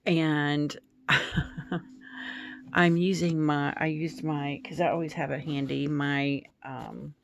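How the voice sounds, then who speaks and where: A woman's voice: low-pitched, steady tone, measured pace, vocal fry, hardly any pauses, slight background noise. A woman telling a story in a casual home vlog as a tarot-reading YouTuber, in a meandering, hesitant way.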